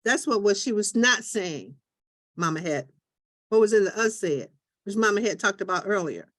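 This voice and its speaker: A woman hosting a talk show, telling lively stories and acting out what other people say. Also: mid-range voice, normal speed, no room sound, studio quality. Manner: lively storytelling, acts out voices of others. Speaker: host. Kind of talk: group talk show on listening.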